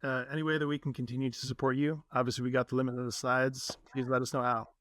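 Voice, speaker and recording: Earnest male podcast host in casual conversation, mid pitch, dry recording. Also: little pitch movement, quick pace, no room sound. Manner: earnest, warm-hearted, many fillers. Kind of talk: casual interview chat.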